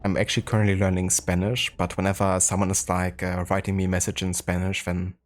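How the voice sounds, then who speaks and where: A man's voice: sits low, monotone, fast talker. A man with a German accent chatting casually on a live game stream, greeting viewers in a laid-back way with frequent fillers.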